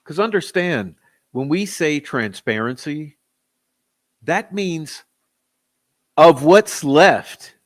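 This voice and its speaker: A man's voice: a little high, lively intonation, slow pace, long pauses. A man hosting a true-crime commentary channel, talking in a skeptical, exasperated way. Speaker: channel host.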